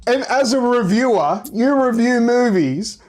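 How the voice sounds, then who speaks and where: A man's voice: very high-pitched, animated, measured pace, darkish tone, soft background music. A man hosting a casual film review podcast, teasing and arguing with his guests. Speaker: podcast host. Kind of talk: casual chat.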